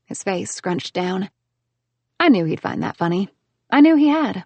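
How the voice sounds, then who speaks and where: A woman narrating a first-person romance audiobook in a smooth, expressive way. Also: mid-range voice, measured pace, pauses often, dry recording.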